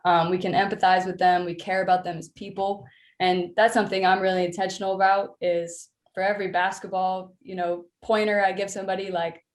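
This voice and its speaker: A woman basketball coach joins a podcast as a guest. Her somewhat low voice carries a roomy echo. She speaks earnestly, with gentle laughs and thinking pauses. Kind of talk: casual interview chat.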